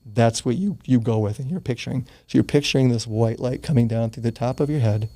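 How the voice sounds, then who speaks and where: An older man in his sixties speaks as an interview guest, warm and mellow in tone. He tells his story in a casual, earnest way, with the odd curse word. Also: mid-range voice, brisk. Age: 60s. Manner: earnest, gets choked up, swears casually.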